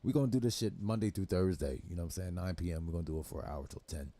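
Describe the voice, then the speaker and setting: A man's voice: low voice, lively intonation, rapid-fire, warm tone, no room sound. A young man hosting a livestream, reacting to clips in loose, laughing talk full of swearing. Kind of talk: casual profane reaction commentary.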